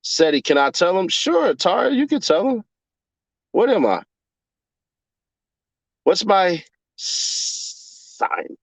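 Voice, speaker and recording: A young man chatting casually on a livestream and reading his chat aloud, cursing, laughing often, and jumping from mumbling to yelling. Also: high-pitched, very animated, moderate pace, no room sound. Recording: dull lo-fi dry sound.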